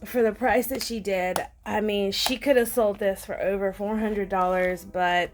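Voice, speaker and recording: A woman vlogging an unboxing in a casual, gushing, excitable way, with lots of ums. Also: medium pitch, moderate pace, few pauses, soft background music. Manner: gushing and excitable, many fillers. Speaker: planner vlogger.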